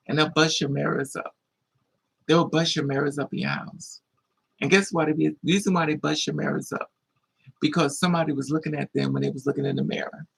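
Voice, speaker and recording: A man telling a story in a casual monologue, animated and acting out voices with high-pitched squeals. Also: vocal fry, slightly rough, poor audio. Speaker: live streamer.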